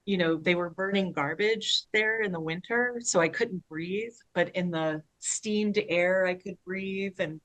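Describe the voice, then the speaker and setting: A woman co-hosting a podcast, telling long rambling stories in casual conversation with animated asides. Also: on the low side, a little slow, rough recording. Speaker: podcast co-host.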